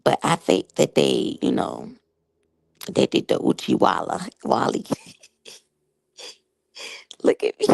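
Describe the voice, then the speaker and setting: A woman's voice: low voice, huge pitch swings, slow pace, gravelly, long pauses, a little mellow, slightly rough, no room sound, poor audio. A woman in her thirties chatting casually to her viewers while reviewing a reality show, talking straight to the audience. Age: 30s.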